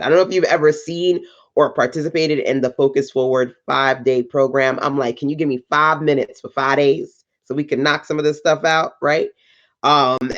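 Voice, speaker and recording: Through a muffled recording, a woman from North Carolina with a rumbling low voice hosts a business livestream. She gives entrepreneurs a chatty motivational talk, laughing and putting questions to her audience.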